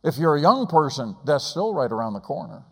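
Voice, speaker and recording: A man's voice: fairly high pitch, very animated, a little fast, vocal fry. A man preaching a sermon, urgent and pleading, with pointed rhetorical questions. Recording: long hall reverb.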